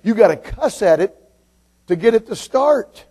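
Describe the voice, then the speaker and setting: An excited little boy from a pulpit joke, as a preacher acts him out, eager and chatty, a little higher than the teller. The sound stays mellow. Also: normal speed, slightly rough.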